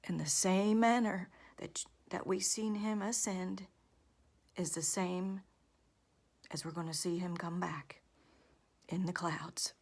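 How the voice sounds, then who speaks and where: A woman's voice: fairly low pitch, steady tone, slow pace, pauses often, darkish tone. A woman vlogger in her thirties or forties, earnestly delivering a religious warning, often half-whispering.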